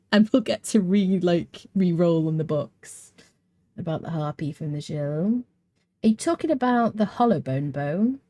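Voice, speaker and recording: A woman's voice: sits low, no room sound. Chatty woman streaming a game. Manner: chatty, animated, talks to chat and her cat. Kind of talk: live let's play commentary.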